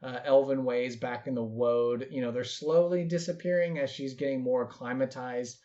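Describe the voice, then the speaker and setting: A man's voice: medium pitch, fairly even intonation, normal speed, warm tone. A man narrating his character in a tabletop role-play game, hesitant, with many fillers. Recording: dull lo-fi recording.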